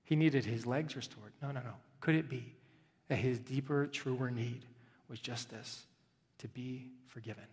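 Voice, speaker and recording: A man, a pastor, preaching a sermon in a church, telling the story dramatically and moving between hushed and loud delivery. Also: mid-range voice, measured pace, breathy edge, big-room sound. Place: church sanctuary.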